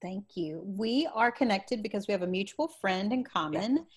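A woman's voice: medium pitch, expressive, normal speed, slightly rough. A woman hosting a podcast interview, welcoming her guest and asking questions. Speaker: podcast host.

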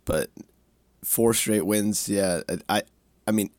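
A man's voice: lowish voice, takes it slowly, darkish tone, no echo, studio quality. A man co-hosting a football podcast, talking eagerly and at length about his team's recent run, often restarting his sentences. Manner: eager, rambling, many restarts. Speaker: podcast co-host. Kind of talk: casual football podcast chat.

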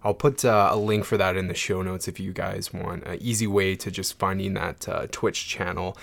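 A young man hosting a casual gaming podcast, relaxed and upbeat, with plenty of fillers. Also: low voice, moderate pace, creaky. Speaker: podcast host.

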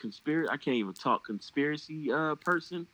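A man's voice: fairly high pitch, lively intonation, moderate pace, bright, forceful tone, rough recording. A man hosting a podcast, chatting casually and jokingly about fantasy football trades, swearing and trailing off into fillers. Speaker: podcast host.

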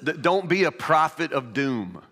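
A man's voice: a little high, sing-song, a little slow, sharp tone. A man preaching a sermon, first reading scripture aloud, then telling a children's fable in a loose, repetitive way. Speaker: pastor. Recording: long reverb of a hall.

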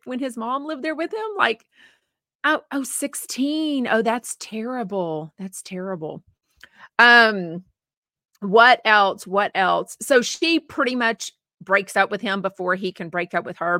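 Woman co-host, bright chatty delivery, close dry sound, reads viewer comments. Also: fairly high pitch, no echo. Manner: chatty, rambling, sympathetic. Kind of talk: casual chat reading viewer comments.

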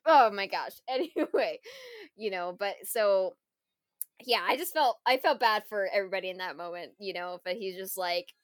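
A woman co-hosting a casual chat, retelling a film scene in an animated way, full of fillers and frequent laughter. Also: mid-range voice, moderate pace, no echo.

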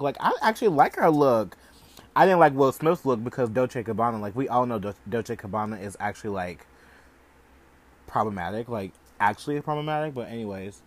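A young man hosting a casual gossip podcast, talking in an animated, campy way with lots of swearing and laughter. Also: medium pitch, brisk. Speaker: podcast host.

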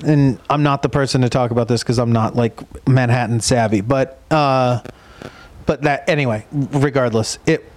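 A man's voice: mid-range voice, fairly even intonation, moderate pace, darkish tone. A man co-hosting a podcast, trading loose, joking banter in casual chat. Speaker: podcast co-host.

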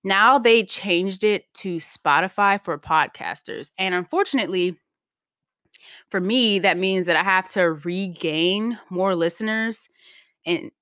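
A woman's voice: mid-range voice, unhurried, sharp tone, smooth, no echo, studio quality. A woman hosting her own podcast in a casual solo chat, talking loosely with lots of "like" and "um" and laughing easily. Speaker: podcast host.

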